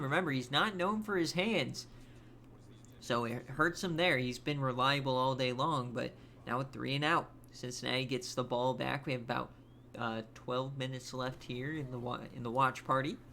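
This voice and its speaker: A man's voice: medium pitch, moderate pace, creaky, sharp tone, a little hiss or hum. A man calling play-by-play on a streamed college football video game, chatty and upbeat with filler words. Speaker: play-by-play commentator. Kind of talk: casual video game commentary.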